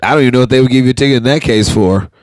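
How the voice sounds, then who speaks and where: A man's voice: mid-range voice, racing, no echo. A man from Oakland telling profane comic stories in casual chat, laughing as he goes. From Oakland, California. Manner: animated, profane, laughs through his stories. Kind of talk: casual comedic storytelling.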